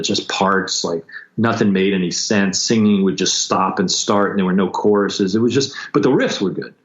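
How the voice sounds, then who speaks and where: Low guy telling war stories on a podcast, keeps restarting, kinda muffled sound. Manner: intense, halting storytelling with many restarts and quoted voices. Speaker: guest musician. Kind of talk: storytelling in a podcast interview. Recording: dull lo-fi sound.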